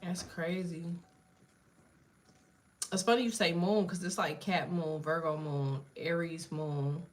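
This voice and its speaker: A woman's voice: lowish voice, slow pace, long pauses. Brief: woman tarot reader, live casual reading, blunt, swears freely, talks straight to viewers. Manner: blunt and profane, chatting to viewers; animated, jumps between cards and asides.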